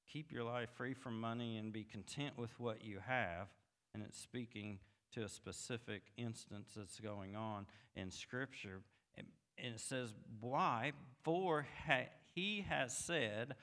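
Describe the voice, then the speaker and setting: A male pastor with a tense, bright, medium-pitched voice delivers a sermon that builds from soft, quiet reflection into passionate, emphatic, rising passages. The long reverb of a church sanctuary surrounds his voice.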